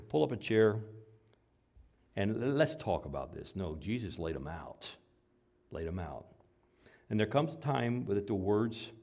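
A man, a father, preaching a sermon. He swings between loud, emphatic lines and quiet, low asides. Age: adult father. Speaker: pastor.

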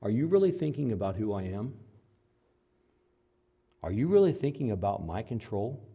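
A middle-aged man preaching a sermon, swinging between loud, high outbursts and low, quiet asides as he acts out dialogue between God and doubters. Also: very animated, normal speed, creaky, husky, muffled recording. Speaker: pastor.

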